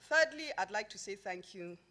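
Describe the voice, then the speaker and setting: A woman's voice: medium pitch, moderate pace. A woman, a company founder, speaking at a podium microphone before an event audience, mixing a formal speech with humorous, emphatic anecdotes. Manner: humorous storytelling, emphatic and lively.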